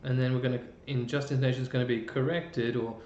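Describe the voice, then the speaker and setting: A man's voice: level tone, quick pace, darkish tone. Chatty Australian man explaining music. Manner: chatty, explains with fillers and restarts. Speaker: music presenter. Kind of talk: casual live-stream explainer. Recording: roomy dull live-stream audio with faint rumble.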